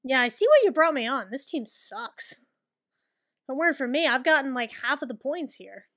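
A woman hosting a gaming video, giving casual gameplay commentary, excitable, swearing and yelling at the game. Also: sits high, moderate pace.

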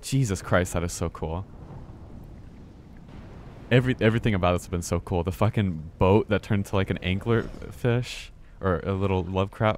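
A man's voice: deep voice, fairly even intonation, normal speed, slight background noise. A man streaming a game live, commenting casually, muttering to himself and swearing when startled.

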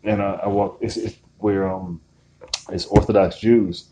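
A man's voice: fairly low pitch, fairly even intonation, measured pace, noisy background. Joking young man laughing between restarts. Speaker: podcast host. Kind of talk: casual chat.

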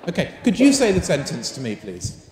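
This fairly quick speaker, whose voice runs on the high side, is running a live teacher-training workshop in a large conference hall. He's animated and coaxing, throwing lots of questions at the audience. The hall's roomy echo comes through, along with slight background noise.

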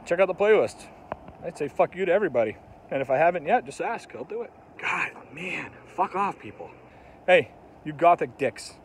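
A man's voice: a little high, animated, moderate pace, a little hiss or hum. Angry swearing man ranting outdoors. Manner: angry, swearing constantly, mocking. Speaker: comedic ranter, channel host. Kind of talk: profane comedic rant.

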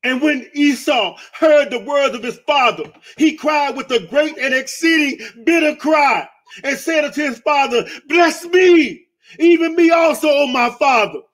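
A man's voice: very high voice, a little slow, a bit bright. A man reading scripture aloud on a radio show, reading steadily and adding brief reactions.

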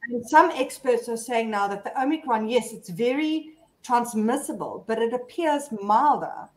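Woman, South African, live-stream host, chatty storyteller, fairly high voice. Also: moderate pace, low-quality recording. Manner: chatty storyteller, lively retold dialogue. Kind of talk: casual live-stream chat.

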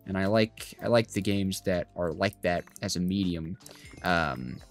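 A man's voice: sits low, a little slow, soft background music. A young man giving rambling let's play commentary as a gaming YouTuber, chatty with lots of fillers and asides. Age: young adult.

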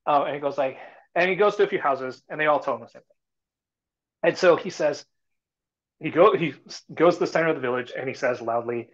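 A man's voice: fairly high pitch, brisk, pauses often. A man talking as a startup CEO guest in a casual live talk, rambling and full of fillers and restarts. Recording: muffled lo-fi audio.

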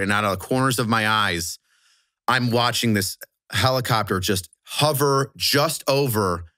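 Brief: male podcast guest, bright forceful voice, crude animated storyteller, dry close mic. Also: fairly low pitch, no room sound. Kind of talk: casual storytelling.

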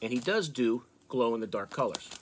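An American man from the northeastern United States, hosting a fishing channel, casually showing off soft plastic baits in a relaxed, chatty way with fillers. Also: mid-range voice, brisk, slight background noise. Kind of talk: casual product show-and-tell.

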